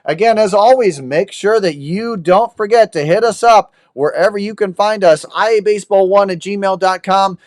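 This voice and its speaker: Friendly male sports host, fairly high voice, upbeat sign-off delivery. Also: normal speed, few pauses, no room sound, clean studio sound. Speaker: host of a high school baseball show. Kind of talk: podcast sign-off.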